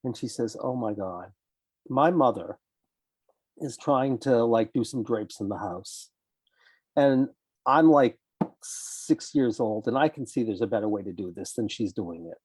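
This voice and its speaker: Older man telling a lively case story. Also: medium pitch, measured pace, slightly rough, no room sound. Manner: animated storyteller, acting out clients' lines. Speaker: clinical psychologist guest. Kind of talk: case story told in a conversation.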